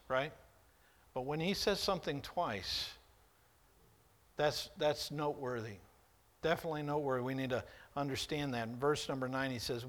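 Slow, impassioned male preacher. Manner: preaches slowly, swelling loud and high when voicing God's rebuke, then dropping soft; reads scripture in King James wording with deliberate weight. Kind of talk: sermon.

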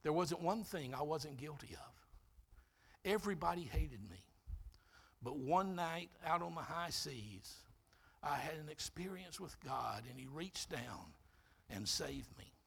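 A man's voice: a little high, lively intonation, measured pace, creaky, fairly bright tone, breathy edge, exaggerated voice. A man voicing a frail, tearful old former sailor, speaking earnestly in a sermon story.

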